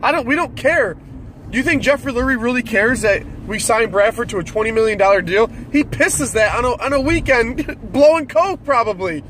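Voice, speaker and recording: A man with a very high voice delivers an irritated, profanity-laced rant about his football team. He talks like a fed-up fan, restarting sentences as his frustration builds. Faint traffic hums behind him. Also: expressive, normal speed, a bit bright. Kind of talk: solo sports rant.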